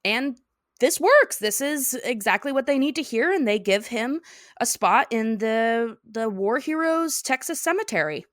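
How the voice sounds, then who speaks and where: Woman podcast host retelling a cartoon plot, super lively pitch, kinda high voice. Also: unhurried, no room sound, studio quality. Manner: animated, laughing storyteller. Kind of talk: casual chat recapping a cartoon episode.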